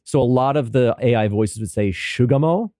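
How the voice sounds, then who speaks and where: A man's voice: mid-range voice, steady tone, brisk, mellow, no echo, clean studio sound. A middle-aged man giving a casual, rambling update monologue with many restarts.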